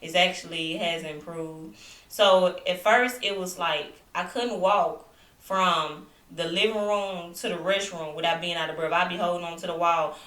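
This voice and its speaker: On the low side in pitch, this young adult woman is recorded on a distant mic, off-mic, in an echoey room. She's at home indoors, vlogging an animated account of being sick while a lingering cough hangs on. The storytelling is casual and chatty, with asides addressed to viewers.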